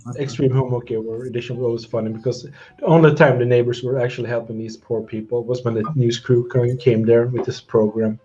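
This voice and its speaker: A man's voice: medium pitch, steady tone, fast, warm tone. A man from Sweden chatting casually as co-host, rambling and trailing off mid-sentence. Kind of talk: casual chat. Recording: dull lo-fi audio.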